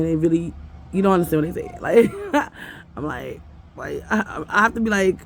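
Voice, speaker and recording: A woman's voice: low-pitched, animated, normal speed, slight background noise. A woman vlogging casually from home, rambling and chatty, breaking off to talk to her toddler. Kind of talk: casual vlog chat.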